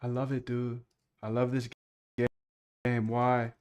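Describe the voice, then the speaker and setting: A man's voice: mid-range voice, completely flat delivery, a little slow, a little mellow, clear, resonant tone. A young man streaming himself as he codes a trading bot, rambling and muttering to himself in casual talk. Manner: rambling, mutters to himself, says dude a lot. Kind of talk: casual live-stream talk while coding.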